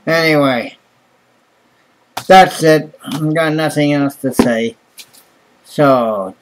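A man's voice: on the high side, unhurried, fairly bright tone, a little hiss or hum, rough recording. A man, talking straight to camera in a blunt, profane, grumbling rant as a vlogger. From Canada. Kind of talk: casual ranting monologue to camera.

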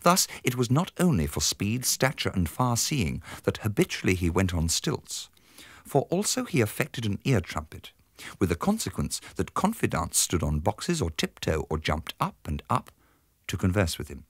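A man's voice: low-pitched, wildly swooping pitch, moderate pace, husky. A man narrating a comic story in a pompous, theatrical way with sweeping emphasis.

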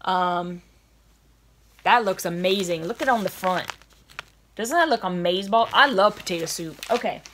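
A young woman chatting in a gushing, excited way while unboxing snacks for her viewers. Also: on the low side, moderate pace, pauses often, a little hiss or hum. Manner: gushing and chatty, lots of oh my goodness. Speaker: vlogger unboxing a snack box. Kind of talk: casual chat.

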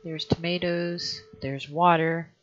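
A woman's voice: on the low side, steady tone, takes it slowly. A woman hosting a let's play, thinking aloud in a hesitant way and often trailing off mid-sentence. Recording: dull lo-fi recording.

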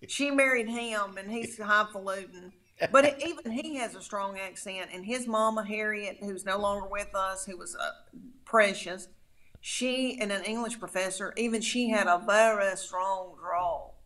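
A woman's voice: mid-range voice, moderate pace. A woman in her fifties from Middle Tennessee with a thick rural drawl, chatting in a folksy, storytelling way as a comedian guest. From Middle Tennessee, USA. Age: 50s. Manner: storytelling, folksy, animated, calls people honey. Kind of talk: casual chat.

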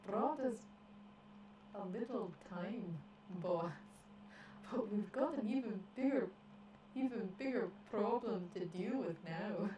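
A woman voicing a gruff male army marshal in an unsteady put-on Scottish accent. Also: mid-range voice, lively intonation, slow, dark tone, heavy reverb, distant mic, slight background noise, low-quality recording. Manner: hesitant, self-conscious attempt.

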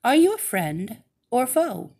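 A woman voicing a kindly good witch who explains things calmly and slowly in a storybook reading. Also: a little high, creaky, slightly rough, pitched above the performer's own voice, exaggerated voice.

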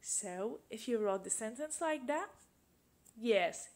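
A woman's voice: on the high side, animated, takes it slowly. A woman teaching an English grammar lesson, patiently asking questions and repeating example sentences.

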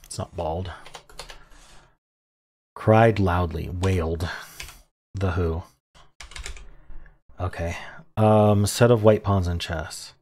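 A man solving a crossword out loud, muttering clues and thinking aloud in an unsure, self-questioning way. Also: low-pitched, fairly even intonation, extremely slow, long pauses, a little hiss or hum. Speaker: puzzle-solving video creator.

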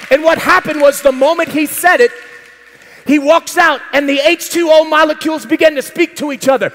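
High-voiced fervent preacher man. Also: normal speed, a bit bright, a faint crowd, a little hiss or hum. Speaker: pastor. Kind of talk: sermon. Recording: long reverb of a large hall.

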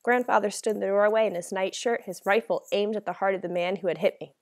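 A woman's voice: medium pitch, steady tone, quick pace. A woman narrating a first-person novel as an audiobook, reading in a dramatic, emotional way.

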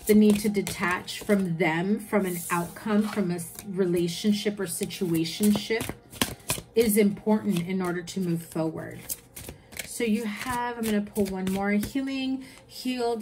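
A woman giving a tarot reading in a chatty, reassuring way, listing card meanings. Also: medium pitch. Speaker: tarot reader.

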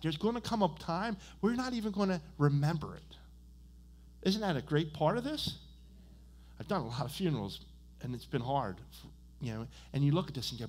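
A man preaches a sermon in a church in a slightly high voice. He keeps it conversational and checks in with the congregation as he goes. His personal stories come out louder and more animated. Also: fairly quick. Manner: conversational, checks in with "right?" and "okay?". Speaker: pastor. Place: church sanctuary.

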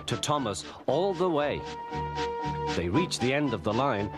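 Brief: expressive male narrator for a kids' story, animated pitch, over loud music. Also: a little slow.

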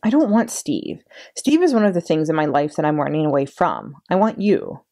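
A woman's voice: low voice, very animated, normal speed, warm tone. A woman voicing a self-assured young girl who speaks precisely and corrects grammar. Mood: prim. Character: bossy, prim older sister, about twelve.

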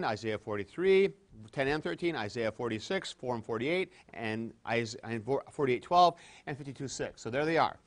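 Animated male theology lecturer. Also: medium pitch. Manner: animated, emphatic, swings between loud stresses and quiet asides; conversational, acts out imagined objections. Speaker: theology professor. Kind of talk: classroom lecture.

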